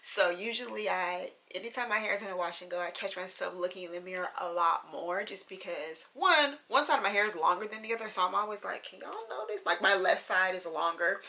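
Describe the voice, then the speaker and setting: A young woman talks casually to her camera in a rambling, filler-laden vlog. Her voice is bright and forward, with a gravelly fry running through it, and she turns tearful and gushing as she goes. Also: mid-range voice, fairly quick, hardly any pauses. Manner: chatty and rambling with many fillers. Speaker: vlogger.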